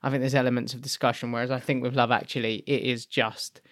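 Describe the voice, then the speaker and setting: An eager man talks about films with a friend on a podcast. His pitch is moderate, and he talks in quick bursts that he keeps correcting. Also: flat delivery, a bit bright. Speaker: podcast co-host. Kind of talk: casual film review chat.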